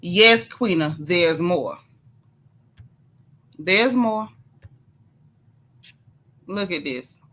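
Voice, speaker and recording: A woman's voice: on the low side, expressive, extremely slow, pauses often, fairly bright tone. A woman hosting a casual celebrity gossip show, sassy and chatty, talking straight to her viewers as y'all and reading their comments aloud. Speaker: gossip channel host.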